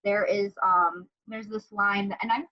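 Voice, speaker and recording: A woman's voice: medium pitch, steady tone, a little slow, highs cut off. A woman in funeral work chatting candidly and telling a heartfelt story in a casual way. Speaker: licensed funeral professional, co-host. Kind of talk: casual chat over wine.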